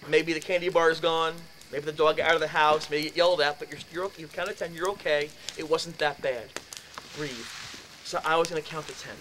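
A man giving a talk, telling a first-person story in an animated way, acting out scenes with sudden loud bursts. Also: a little high, a little fast, a little hiss or hum, low-quality recording. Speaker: speaker at a haunted-house talk.

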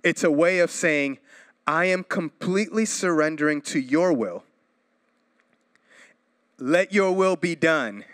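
A pastor in his thirties from Florida, preaching a sermon with energetic swings in pitch and volume and playful asides. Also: slow pace, long pauses, dry recording.

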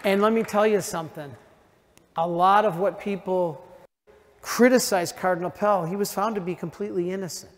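A man preaching as a priest at a retreat in a large church, emphatic and slowing down for his key lines. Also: high voice, fairly even intonation, some chatter behind. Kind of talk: sermon at a parish retreat. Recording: long reverb of a church hall.

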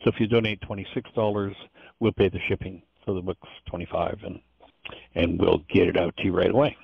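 A man's voice: deep voice, little pitch movement, fairly quick, gravelly, slightly rough, dry recording, dull audio. A man teaching an informal course lecture, earnest and digressive, often restarting his sentences.

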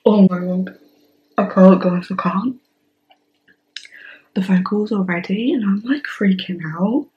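A woman in her twenties hosting a song reaction vlog, gushing and excitable, sometimes dropping to breathy whispers. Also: mid-range voice, slow pace, long pauses, dull audio, slight background noise. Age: 20s. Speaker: reaction channel host.

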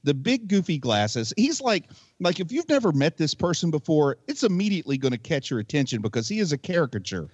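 A man's voice: a little high, big pitch swings, brisk, hardly any pauses, a little mellow, husky, no room sound, lo-fi sound. A man co-hosting a podcast, casually picking apart a movie with rambling, critical remarks. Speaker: podcast co-host. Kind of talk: casual movie review chat.

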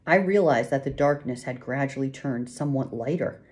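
A woman reading a novel aloud in first person, with measured, hushed suspense. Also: extremely low pitch. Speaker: audiobook narrator. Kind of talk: scripted first-person narration.

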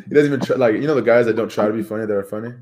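A young man in his twenties, co-hosting a podcast in relaxed, slangy and profane casual chat. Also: lowish voice, racing, slight background noise. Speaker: podcast co-host.

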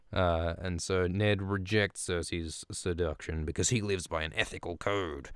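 A male podcast host rambles through a profane, casual recap, stumbling and restarting as he goes. His voice is low and smooth, and it sits close and dry on the mic. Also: fairly even intonation, slow pace, no room sound. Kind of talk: casual recap of a book chapter.

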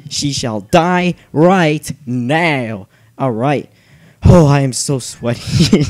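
Young male let's-player, unhurried, anxious self-mocking banter with yelled outbursts; dry room, soft game music. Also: medium pitch, dry recording. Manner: nervous, self-mocking, bursts into yelling. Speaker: gaming channel host. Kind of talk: excited let's play commentary.

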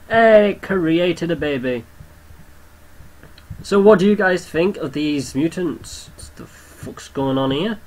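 A young man giving casual game commentary, excitable, swearing often and talking to the creatures on screen. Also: a little high, measured pace, low-quality recording. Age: young adult. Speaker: gamer commentator.

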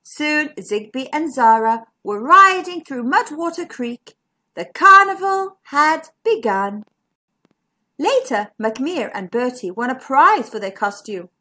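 Woman, children's storyteller, reading a picture book aloud, sing-song, high voice. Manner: slow, sing-song and expressive.

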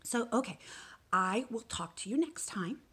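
A young woman teacher reading a picture book aloud to young children, soft and sing-song. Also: on the high side, lively intonation, a little slow, breathy edge. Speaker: preschool teacher.

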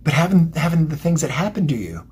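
A man's voice: fairly high pitch, sing-song, fast talker, darkish tone, slightly rough. A man giving a psychic tarot reading, emotional and motivational, rambling and repeating himself. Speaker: tarot reader.

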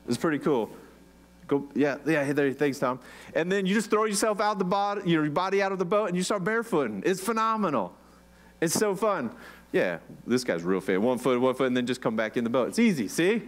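A man preaching a casual sermon, chatty and joking, with rhetorical questions and many "like"s. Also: on the high side. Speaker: pastor.

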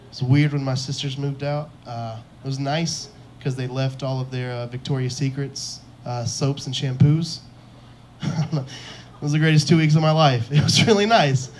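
A man's voice: mid-range voice, fairly even intonation, normal speed, a little hiss or hum. A young man performing a stand-up comedy set on a club stage into a handheld mic, self-deprecating and chuckling at his own jokes.

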